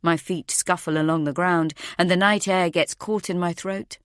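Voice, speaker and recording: A woman narrating a first-person thriller audiobook in a tense, measured way. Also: on the low side, fairly even intonation, clean tone, dry recording, studio quality.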